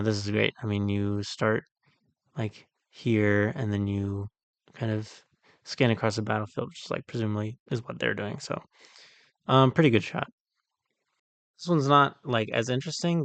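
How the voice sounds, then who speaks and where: A man reviewing a movie in a casual monologue, ranting with exasperation and then calmly breaking down shot composition, full of "like" and "um". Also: fairly low pitch, normal speed, gravelly, no room sound. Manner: exasperated ranting, heavy use of "like" and "um"; calmer, analytical when breaking down shots. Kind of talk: casual film critique monologue.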